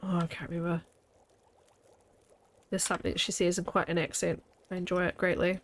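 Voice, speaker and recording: While playing a video game, a woman streamer chats casually with her viewers, playful and laughing often. Her voice is fairly low, brisk, and flat in delivery.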